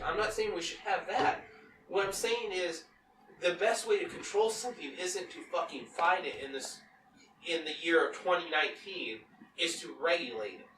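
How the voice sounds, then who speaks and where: A man's voice: high voice, normal speed, recorded from a distance. A man co-hosting a podcast, arguing his point in a casual debate, swearing and repeating himself. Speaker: podcast co-host. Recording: roomy, off-mic with faint noise.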